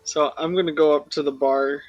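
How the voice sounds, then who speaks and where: A man taking part as a player in a tabletop role-playing game, speaking in a measured way and searching for words. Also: a little high, steady tone, no room sound, muffled recording.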